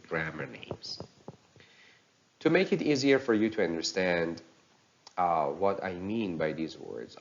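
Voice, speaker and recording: A man with a fairly low voice teaches a recorded pronunciation lesson. He speaks slowly and deliberately, and his pitch swings widely as he demonstrates intonation. The recording sounds dull and lo-fi. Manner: slow, deliberate explaining with exaggerated demo intonation.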